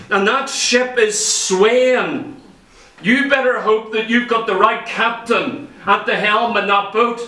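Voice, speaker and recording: A man preaches a fervent sermon, his voice unusually high and bright for a man. He throws himself into the stories, putting on the voices of the people in them. He is caught from a distance, with the church echo ringing around him. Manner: impassioned, acts out quoted voices in stories. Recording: echoey church from far off.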